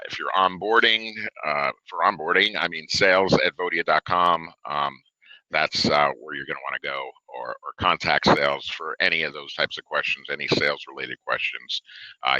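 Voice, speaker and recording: A man presenting a software webinar in a loose, conversational way, with lots of fillers, reading questions off a live chat at his desk. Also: a bass voice, dry recording, lo-fi sound. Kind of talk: casual product webinar.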